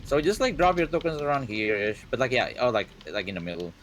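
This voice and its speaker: A man's voice: mid-range voice, lively intonation, fast, a little hiss or hum. A man running a tabletop game online as game master, rambling with plenty of fillers.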